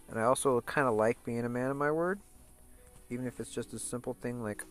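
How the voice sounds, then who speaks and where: A man with a gravelly, fry-heavy voice chats casually over his gameplay. He swears constantly and rambles, stumbling over repeated words as he goes. Soft music sits faintly underneath. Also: medium pitch, moderate pace. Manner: profane, rambling rant with many restarts. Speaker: gaming streamer.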